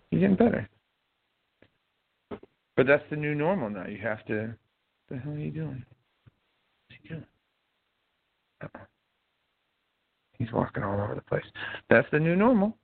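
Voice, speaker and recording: Gravelly, husky man on tinny audio. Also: fairly high pitch, big pitch swings, moderate pace, pauses often. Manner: easygoing, rambling explainer. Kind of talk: casual call-in show chat.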